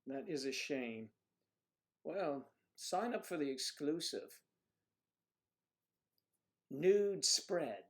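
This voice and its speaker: A man's voice: fairly high pitch, animated, extremely slow, long pauses, fairly bright tone. Guy hosting a livestream, goofy rambling chat, playful and jokey. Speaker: livestream host.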